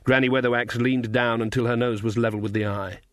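A man's voice: medium pitch, fairly even intonation, fairly quick, fairly bright tone, no echo, clean studio sound. Man reading a comic fantasy audiobook. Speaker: audiobook narrator. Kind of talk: scripted narration.

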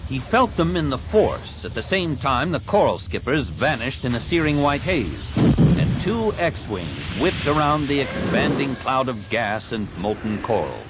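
A male narrator reads an action novel dramatically, his pitch rising and falling in a lively way. A steady background hiss sits under the read. His delivery keeps a steady storytelling pull. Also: measured pace. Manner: dramatic, expressive reading. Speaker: audiobook narrator. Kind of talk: scripted narration.

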